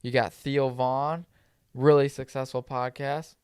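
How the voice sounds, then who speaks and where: A young man co-hosting a podcast, chatting casually and telling animated stories. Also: medium pitch, smooth, no room sound, studio quality. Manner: animated storyteller, jumps into quick quoted voices. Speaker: podcast co-host. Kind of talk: casual chat.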